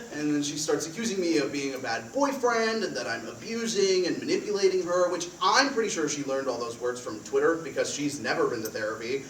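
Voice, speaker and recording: A man's voice: a little high, a bit bright. Give me a young man playing a laid-back chatty roommate who laughs a lot, recorded far off in a noisy hall. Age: young adult. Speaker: student actor. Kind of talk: live stage reading. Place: theater stage. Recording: echoey theater from far off, noisy.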